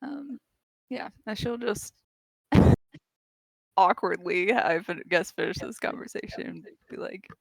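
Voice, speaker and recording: A woman's voice: mid-range voice, expressive, takes it slowly, vocal fry, long pauses, dry recording. A woman playing a tabletop game, giggling and speaking hesitantly. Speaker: player. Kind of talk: casual tabletop play.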